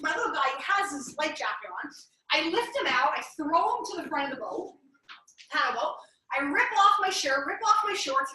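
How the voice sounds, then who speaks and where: A woman in her thirties leading a business workshop, talking in an animated, chatty way with lots of "like" and "right?" as she tells stories. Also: extremely high pitch. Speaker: business strategist running a workshop. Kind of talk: energetic workshop talk with personal storytelling. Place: large room at a live workshop. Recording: echoey room, voice from far off.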